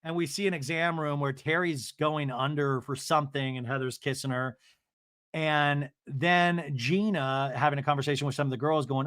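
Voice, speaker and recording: A man hosting a podcast, recapping a reality show in an animated, gossipy way, swearing freely. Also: fairly high pitch, normal speed, smooth, no echo, clean studio sound. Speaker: podcast host. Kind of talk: casual recap commentary.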